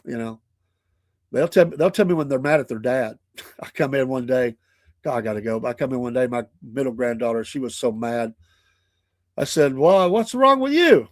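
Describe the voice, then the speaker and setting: A man's voice: mid-range voice, steady tone, a little fast, darkish tone, no echo, studio quality. An older man hosting a morning show, chatting in a folksy, chuckling, rambling way. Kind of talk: casual podcast chat.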